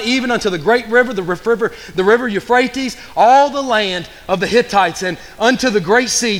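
A man with a notably high voice preaching with fervor, repeating his points and swelling into loud outbursts. His words ring out with a long reverb tail, as in a church sanctuary. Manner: fervent, repetitive, building to loud bursts. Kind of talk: sermon.

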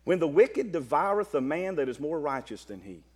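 A Baptist preacher, a man, giving a sermon. He moves from quiet asides to loud exclaiming and often repeats words. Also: a little high, sing-song, moderate pace, long reverb tail.

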